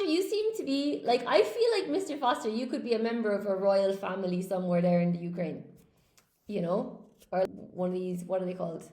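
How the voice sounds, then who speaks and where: A chatty Irish woman teaches English on a live stream, reading out viewer comments and thinking aloud. Her voice sits a little high with a gravelly edge. She sounds like she is in an echoey room. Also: darkish tone. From Ireland. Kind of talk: live-stream lesson, answering viewer chat.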